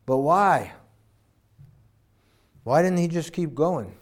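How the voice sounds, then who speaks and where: Guy preaching a sermon, high voice, acts out the bible bits, gets loud then hushed. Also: slow pace. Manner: animated, acts out voices, varies loudness widely.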